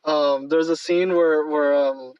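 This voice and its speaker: A man's voice: fairly high pitch, fairly even intonation, takes it slowly, darkish tone, clear, resonant tone, dry recording, far from the mic, muffled recording. Rambling man chatting about movies. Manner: rambling, lots of fillers and laughs. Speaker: podcast co-host. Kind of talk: casual movie review chat.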